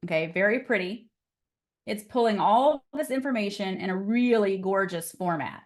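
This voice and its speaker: A woman's voice: mid-range voice, normal speed. A woman teaching a casual live online class on real estate, chatty and upbeat and often laughing, on a computer mic over a video call.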